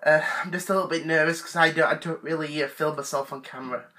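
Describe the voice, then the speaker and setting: A man's voice: on the high side, steady tone, fast, sharp tone. A man playing an obsessive, whiny adult male sci-fi fanboy who stammers through fillers in a comedy sketch. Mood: nervous. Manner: indignant, whiny. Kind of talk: comedic rant to camera.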